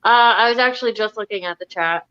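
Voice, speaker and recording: A woman's voice: medium pitch, fast talker, bright, forceful tone, clear, resonant tone, dull audio. A young woman joining a livestream chat as a guest over a call, talking in a laid-back, profane way. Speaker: guest, host's niece. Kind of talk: casual chat.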